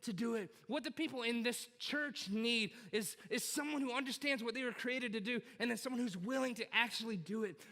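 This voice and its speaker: A man's voice: very high voice, pushed and bright, in a large hall. A man preaching a sermon as pastor, emphatic and repetitive, urging his congregation directly. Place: church auditorium.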